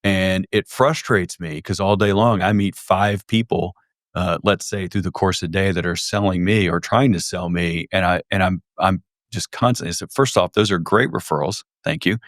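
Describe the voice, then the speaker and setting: A male podcast host with a very low voice tells anecdotes in a measured, reflective way. He speaks as a sales trainer in relaxed conversation. The sound is close and dry. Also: no room sound.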